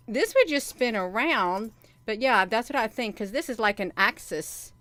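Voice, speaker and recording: A woman talks straight to her viewers in a casual vlog. She sounds excited and a little out of breath, and she repeats herself often. Her smooth, clear voice sits at a middle pitch in a dry, close recording. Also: no room sound. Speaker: video channel host.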